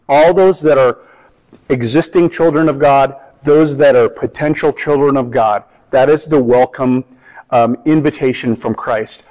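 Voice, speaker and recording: A man's voice: a little high, moderate pace, a little mellow. A man preaching a sermon in a conversational way, acting out the people he quotes. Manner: conversational, acts out quoted voices. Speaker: pastor. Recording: dull lo-fi with long hall reverb.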